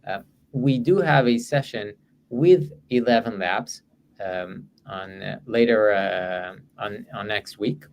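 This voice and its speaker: A man's voice: lowish voice, slow pace. A man presenting in an online webinar, answering audience questions in a hesitant way with many fillers and restarts. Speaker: guest presenter.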